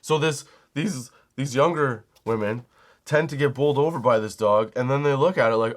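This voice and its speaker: A man's voice: medium pitch, moderate pace. Brief: young male comic host, loose and rambling, profane, storytelling mode. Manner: rambling, animated, swears casually. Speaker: comedy podcast host. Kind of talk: casual storytelling monologue.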